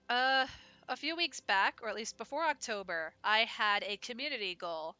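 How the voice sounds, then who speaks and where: A woman's voice: mid-range voice, bright, forceful tone, smooth. A woman streaming a game, chatting casually and rambling to her viewers. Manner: chatty, rambling, friendly to chat. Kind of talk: casual live-stream chat.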